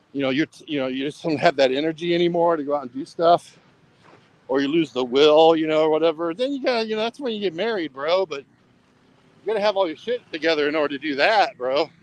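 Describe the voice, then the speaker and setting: A man's voice: on the high side, low-quality recording. An American man vlogging while out walking, rambling casually and saying "bro" at the end of nearly every line. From United States. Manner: rambling, says "bro" constantly. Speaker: travel vlogger. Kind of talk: casual vlog chat. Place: outdoors and in a mini market by a beach.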